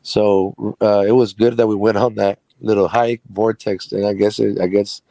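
A man's voice: on the low side, flat delivery, moderate pace, gravelly, mellow, dry recording. A man who runs a carpentry business, telling a personal story as an interview guest in a chatty, rambling way with frequent laughs.

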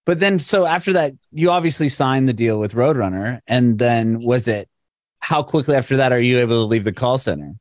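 Relaxed male podcast host, loose filler-heavy questions, dry close sound. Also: medium pitch, brisk, no room sound. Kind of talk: casual interview over video call. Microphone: video call.

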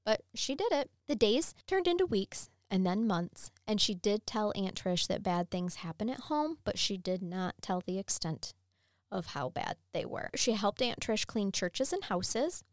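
A woman's voice: mid-range voice, big pitch swings, measured pace, no echo, studio quality. Blunt woman telling a true crime story. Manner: blunt, swears freely. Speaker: podcast host.

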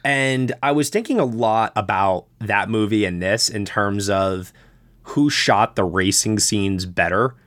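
A man hosting a casual film review podcast, chatting in a conversational way and getting animated when he explains things, with a lot of fillers. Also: lowish voice, a little slow, no echo.

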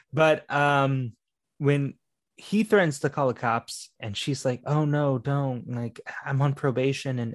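A man's voice: mid-range voice, no echo. Rambling man chatting about a film. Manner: rambling, filler-heavy, laughs along. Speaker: podcast co-host. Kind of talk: casual movie review chat.

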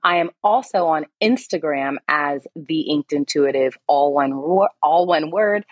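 A woman's voice: deep voice, a little slow, no echo, dull audio. A woman guest on a podcast, a psychic medium talking candidly and casually, laughing often and swearing now and then.

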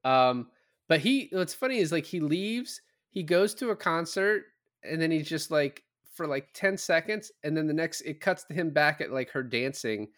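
In casual conversation on his film podcast, a male co-host retells scenes loosely, using lots of fillers and the occasional swear word. His voice is on the high side, expressive and a bit bright, at a normal speed.

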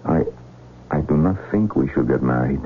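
An actor in a 1970s radio drama playing an earnest foreign-born male doctor who speaks haltingly and formally, without contractions. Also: rumbling low, animated. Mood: troubled. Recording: tinny narrow broadcast with faint hiss.

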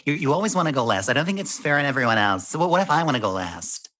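A man's voice: mid-range voice, sing-song, racing, sharp tone, pitched above the performer's own voice. A man putting on a whiny petulant coworker. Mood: aggrieved.

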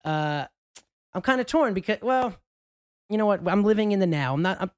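A man's voice: high-pitched, expressive, brisk, clear, resonant tone, no room sound. A man hosting a casual podcast, telling a story in a loose, rambling way full of fillers and restarts. He speaks close to the mic, and the sound is dry. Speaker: podcast host.

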